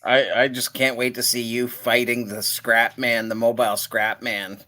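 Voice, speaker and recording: A man's voice: mid-range voice, little pitch movement, normal speed, sharp tone. A man chatting casually on a video call, rambling with lots of filler words and chuckling often. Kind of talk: casual chat.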